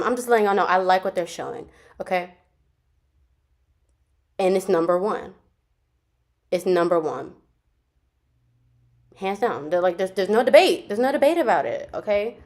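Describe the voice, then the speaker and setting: An excited woman reacts to music videos, her voice sitting at a middle pitch. She talks straight to her viewers, repeating herself with gusto and leaning hard on every point. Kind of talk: casual reaction commentary.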